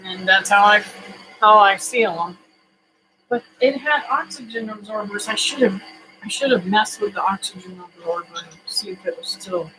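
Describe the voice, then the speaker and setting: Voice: medium pitch, moderate pace, sharp tone, faint music behind, poor audio. A homesteading vlogger chatting casually to camera in a home kitchen, folksy and rambling, with many fillers.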